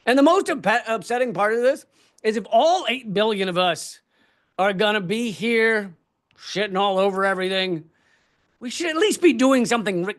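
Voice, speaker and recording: A high-pitched man delivers a stand-up comedy keynote. He rants with animated energy, swears freely and jumps between shouted outbursts and quick asides. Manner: ranting, profane, animated.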